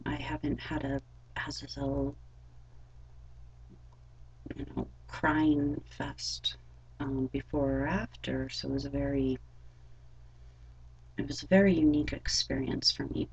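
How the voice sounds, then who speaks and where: A young adult woman telling a personal story in a vlog, halting and rambling with many fillers. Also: low voice, creaky, a little mellow, breathy edge, low-quality recording. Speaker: vlogger.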